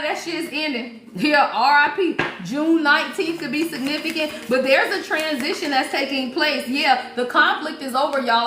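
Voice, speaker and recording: A woman's voice: sits high, pushed and bright, roomy sound. A woman giving a livestreamed tarot reading, blunt and profane, speaking emphatically and calling out to her listeners again and again. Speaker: spiritual reader.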